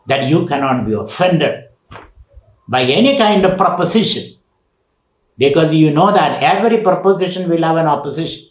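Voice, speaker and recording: A man's voice: on the high side, reverberant, poor audio. A man giving a spiritual lecture as a swami, teaching emphatically with rhetorical questions and recited Sanskrit verses.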